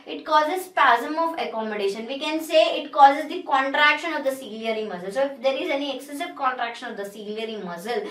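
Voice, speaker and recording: A woman's voice: sits high, a bit bright. A woman with an Indian English accent giving a pharmacology lecture, explaining step by step and often restating her points. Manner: explanatory, repeats and restates herself. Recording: echoey room, distant mic.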